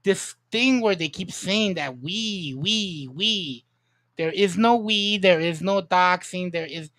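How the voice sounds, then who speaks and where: High-voiced emphatic man on a livestream. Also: slow, sharp tone, dry recording. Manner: emphatic, repeats himself, swears. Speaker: livestream host. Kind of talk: casual livestream chat.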